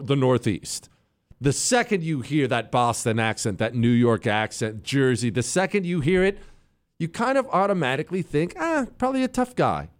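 A man hosting a political talk show, giving a rambling monologue, breaking off mid-sentence and calling out to his crew. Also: a little high. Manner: animated, rambling, self-interrupting; addresses his crew on air.

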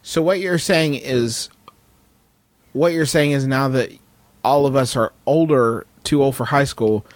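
A man co-hosting a casual comedy podcast, sarcastic and quick to laugh. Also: mid-range voice, no echo. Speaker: podcast co-host.

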